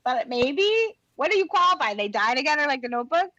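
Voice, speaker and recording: A woman guest in casual chat, animated, slipping into quick character voices as she talks. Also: sits high, no room sound, highs cut off.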